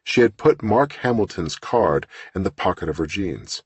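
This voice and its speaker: A man reading an audiobook novel in scripted narration with an even, steady delivery, close to the microphone. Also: deep voice, moderate pace, breathy edge, dry recording.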